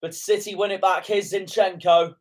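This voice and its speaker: A young man calls a football match live in a fan reaction commentary, his voice sitting a touch higher than most men's. He grows indignant and swears at calls he thinks are wrong. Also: steady tone, normal speed.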